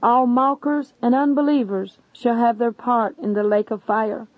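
A woman's voice: a little high, steady tone, unhurried, dry recording. A woman voicing a sorrowful male savior who speaks solemnly of judgment. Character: sorrowful stern male savior judging souls. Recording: dull lo-fi recording.

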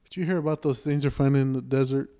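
At a quick pace and in a mid-range voice, a podcast co-host chats casually and swears freely. He acts out people's words in his stories, getting animated as he quotes them.

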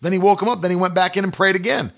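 High, bright-voiced male preacher. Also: very fast, vocal fry. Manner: emphatic, repetitive call-and-response phrasing. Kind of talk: sermon.

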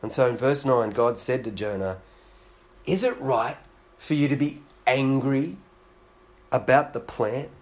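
A man's voice: medium pitch, unhurried, long pauses. A man preaching a sermon, telling a story and acting out the voices in it with growing intensity.

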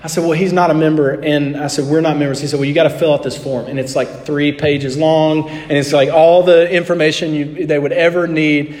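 A middle-aged man preaching a sermon, telling a personal story in an animated way and acting out both sides of the dialogue. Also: a little high, fairly quick, hardly any pauses. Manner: animated anecdote, acting out dialogue, drops to soft tones. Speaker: pastor. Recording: long hall reverb.

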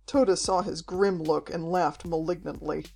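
A woman reading an adventure novel aloud in steady, scripted narration. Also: lowish voice, moderate pace, creaky, breathy edge. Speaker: audiobook reader.

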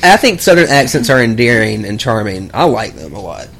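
A playful, enthusiastic man in casual podcast chat. His pitch moves a lot, giving a lively, animated delivery. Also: brisk, gravelly, husky. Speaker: podcast co-host.

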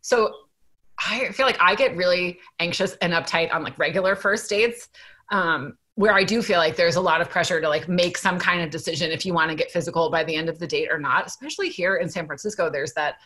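A young woman telling a story as a podcast guest, animated and self-deprecating, acting out the dialogue, on a video call from home. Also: lowish voice, brisk. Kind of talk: casual storytelling.

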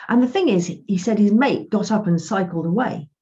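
A woman's voice: medium pitch, fairly quick, dark tone. A woman, a financial coach, telling stories in a podcast chat and acting out both sides of each conversation. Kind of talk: podcast interview. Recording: dull lo-fi sound.

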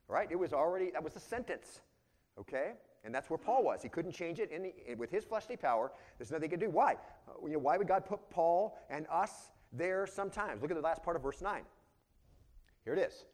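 A man's voice: on the high side, expressive, fast talker. A man pastor preaching an expository sermon in a conversational way, often tossing rhetorical questions back to his listeners.

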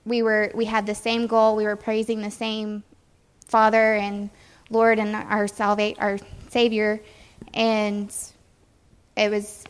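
Flat-voiced young woman in a hall. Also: medium pitch, takes it slowly, smooth. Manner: hesitant, many ums. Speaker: mission trip speaker. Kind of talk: church presentation talk. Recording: echoey hall.

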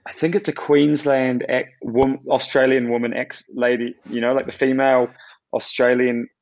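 A New man with a mid-pitched voice chats animatedly, telling stories with many "you know"s. The recording is slightly muffled and lacks some crispness. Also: normal speed. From New Zealand. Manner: animated, storytelling, hesitant fillers. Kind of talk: casual chat.

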